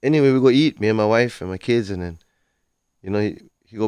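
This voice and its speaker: A man with a Hawaiian Pidgin accent, a farmer telling stories in a casual chat on a farm, animated and quick to laugh. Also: on the low side, clean tone, no room sound, clean studio sound. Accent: Hawaiian Pidgin English. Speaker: podcast guest, farmer.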